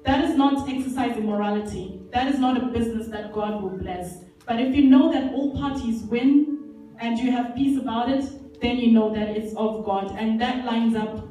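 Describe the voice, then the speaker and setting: A woman's voice: a little high, normal speed, warm tone. A woman conference speaker giving an earnest, emphatic motivational talk with Bible examples, repeating key phrases, heard from far off in an echoey hall with faint music. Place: large indoor leisure centre hall.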